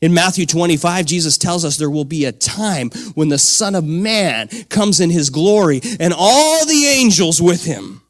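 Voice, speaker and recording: Dynamic male preacher, mid-high voice. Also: lively intonation, normal speed, few pauses. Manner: dynamic, swings from soft to shouting; conversational, with fillers and "come on". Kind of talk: sermon.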